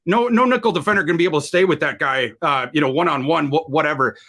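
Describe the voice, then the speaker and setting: A man's voice: fairly high pitch, fast, pushed and bright. A man working as a fantasy football analyst who talks emphatically on a draft panel, rambling with many restarts.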